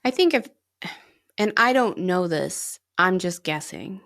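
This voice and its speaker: A woman co-hosting a spiritual podcast in easy conversation. Her voice sits a bit low and has a gravelly fry to it. She sounds reflective and gently reassuring. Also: animated, takes it slowly. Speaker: podcast co-host. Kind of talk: casual spiritual podcast chat.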